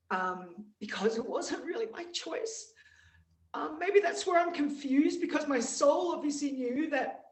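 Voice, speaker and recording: Hesitant woman host in an echoey room. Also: a little high. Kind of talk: casual conversation. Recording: echoey, distant room sound.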